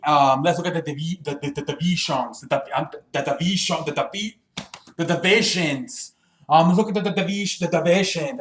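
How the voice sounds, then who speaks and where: Young man, host, casual sports talk, stumbling, lots of ums, reverberant room. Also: on the high side. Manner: rambling, many ums and restarts, swears casually. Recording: echoey room.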